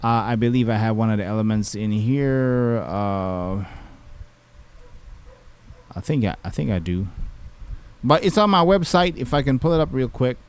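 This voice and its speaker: A man's voice: mid-range voice, normal speed, pauses often, clear, resonant tone. A man, a music producer talking casually through a beat-making tutorial with lots of fillers. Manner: relaxed, chatty, many fillers. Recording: music playing behind the voice.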